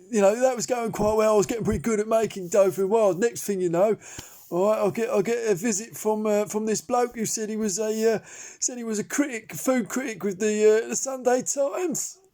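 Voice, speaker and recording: In an improvised comedy character monologue, a man plays Derek, a bumbling amateur chef, telling a rambling story full of restarts and fillers. His voice is high-pitched, steady and mellow, at a normal speed.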